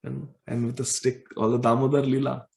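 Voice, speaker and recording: Gravelly man telling scripture stories. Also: medium pitch, fairly quick. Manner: animated storytelling, chants verses. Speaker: scripture class speaker. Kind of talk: devotional scripture storytelling lecture. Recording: roomy echo.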